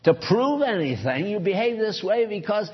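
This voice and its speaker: A man's voice: sits high, big pitch swings, normal speed, husky, dull audio. A man preaching a sermon earnestly, pressing his points with rhetorical questions.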